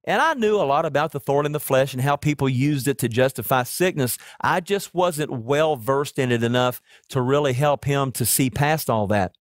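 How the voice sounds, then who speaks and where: Male pastor, mid-range voice, dry close recording; earnest sermon storytelling that slows on key words. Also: medium pitch, dry recording. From Oklahoma.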